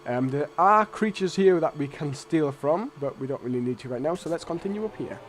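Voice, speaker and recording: Give me a chatty, blunt man commentating a let's play, with a slightly high voice and faint game music. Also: lively intonation, fairly quick. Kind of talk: casual gameplay commentary.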